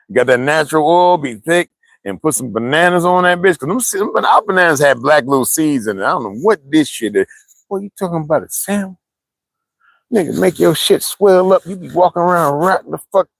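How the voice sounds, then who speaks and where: A man's voice: a little high, no room sound, rough recording. An older man from the US East Coast, rambling and profane in casual livestream chat, answering viewers as he goes. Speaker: livestream host.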